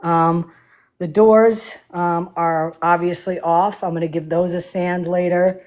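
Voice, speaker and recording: A woman's voice: on the low side, steady tone, slow, darkish tone. A woman hosting a casual livestream while working on a project, talking with many fillers and breaking into playful laughter. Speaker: livestream host refinishing furniture.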